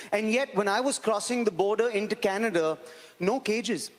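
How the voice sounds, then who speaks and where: A man's voice: high voice, moderate pace. A man with an Indian accent from India, performing a stand-up comedy set in a large live venue with a wry, ironic delivery. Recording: reverberant hall with live audience and noise.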